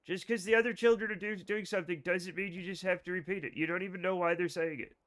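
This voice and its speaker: Speaking quickly in a high voice, this young guy chats with his audience while streaming a game. His casual live commentary is excitable and full of back-and-forth with chat, punctuated by sudden bursts.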